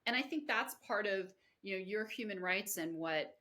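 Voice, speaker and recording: A woman's voice: medium pitch, moderate pace, pushed and bright. A woman hosting a podcast interview, effusive and rambling with lots of filler. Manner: effusive, rambling, heavy on "you know". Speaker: podcast host. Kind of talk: conversational interview.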